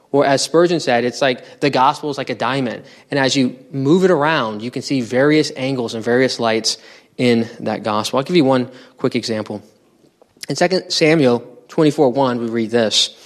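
A man's voice: medium pitch, normal speed. A man as pastor preaching a sermon in a conversational teaching style, asking the congregation rhetorical questions. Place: church.

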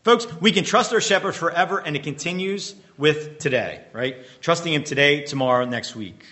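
In a slightly high, animated voice that sounds pushed and bright, a male pastor preaches. Key points get repeated slowly and in forceful bursts, while he tests the congregation with fill-in-the-blank prompts.

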